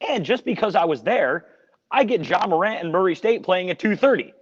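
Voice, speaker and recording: A man's voice: sits high, animated, a little fast. Earnest man rambling through a story. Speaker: sports radio reporter. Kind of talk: casual podcast storytelling. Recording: dull lo-fi audio with long reverb.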